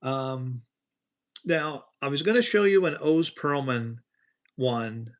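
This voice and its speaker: Male livestream host, gravelly, rambling chatty storyteller. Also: mid-range voice, lively intonation, slow pace. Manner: rambling storyteller, talks to chat by name. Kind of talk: casual livestream chat.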